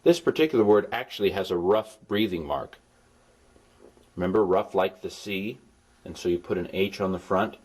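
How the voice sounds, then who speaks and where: A man tutoring in an informal recorded lesson, folksy, with playful asides, sounding syllables out slowly. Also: low-pitched, animated, slightly rough. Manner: folksy, explains with playful asides and repeated examples. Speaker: Greek tutor.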